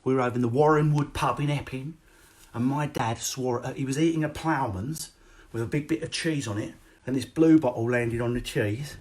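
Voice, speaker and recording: A man doing a live-streamed stand-up set from home, brash and sweary with quick animated delivery. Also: medium pitch. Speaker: stand-up comedian. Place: home, indoors. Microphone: phone or webcam.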